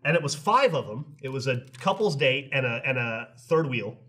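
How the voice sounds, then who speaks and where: A middle-aged man with a slightly husky voice tells a rambling story on a podcast. His pitch swings widely as he acts out the other people, laughing now and then. The talk is loose and casual. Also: moderate pace. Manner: animated, laughs while telling, acts out both sides. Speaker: podcast co-host.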